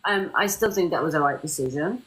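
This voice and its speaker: Casting: middle-aged woman, company head hosting a live stream, chatty and animated, lowish voice. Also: a little fast, rough recording. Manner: chatty, lively storytelling with quoted voices. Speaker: CEO of a medical tourism company, host.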